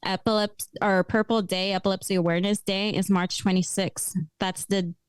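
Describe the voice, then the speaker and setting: Young adult woman, podcast guest, casual chat, lively storyteller, mid pitch, dry close recording. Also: moderate pace, smooth, no echo. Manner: lively storyteller, laughs often.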